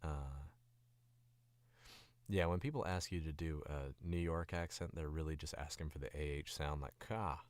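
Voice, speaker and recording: A man with an extremely low voice talks in a loose, rambling way, worn out and sick. He sits right up on the mic. The sound is dry and close, with no room around it. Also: fairly even intonation, moderate pace, a little mellow, no room sound. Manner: rambling, laid-back, swears casually. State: tired and sick. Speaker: voice actor streaming. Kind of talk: casual stream chat.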